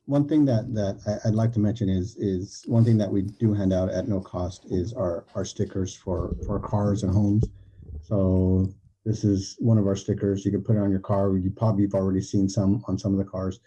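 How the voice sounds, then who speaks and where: A man speaking as a guest on a podcast over a video call, halting and hesitant with many fillers. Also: low voice, fairly even intonation, warm tone, husky, low-quality recording. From Southern California. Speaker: guest, head of a support nonprofit. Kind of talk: casual interview chat.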